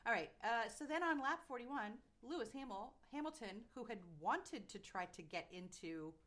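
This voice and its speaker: A woman's voice: fairly high pitch, animated, normal speed, fairly bright tone. A woman co-hosting a podcast, recapping events in casual chat with fillers and playful mock quotes. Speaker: podcast co-host.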